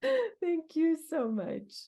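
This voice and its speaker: A woman's voice: very high-pitched, huge pitch swings, very slow, warm tone. A woman hosting a group meditation session as its teacher. She laughs often and gasps with delight at what people share. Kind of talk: group sharing after a meditation.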